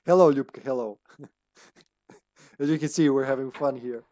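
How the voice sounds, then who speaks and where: A man's voice: mid-range voice, a little slow, warm tone, dry recording, clean studio sound. A man streaming a video game live, chatting casually, giggling often and talking to the game and his cat. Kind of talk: casual gaming commentary.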